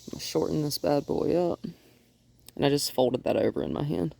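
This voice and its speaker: A woman dog trainer explaining a training session outdoors, calm when explaining and high and sing-song when praising the dog. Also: brisk, creaky, slight background noise.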